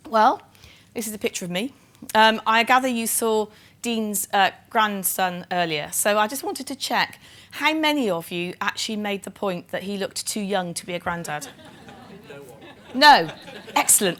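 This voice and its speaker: A woman's voice: mid-range voice, fairly bright tone. A middle-aged woman from Bristol with a Bristol accent, giving a conference keynote in a chatty, self-deprecating way with lots of ums. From England (Bristol). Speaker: chief nursing officer giving a keynote.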